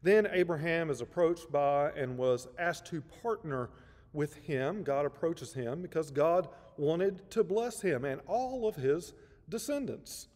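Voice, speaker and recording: A male pastor preaching a sermon in a measured, emphatic way, leaning on repetition for effect. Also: on the high side, animated, a little mellow, long reverb tail. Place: church sanctuary.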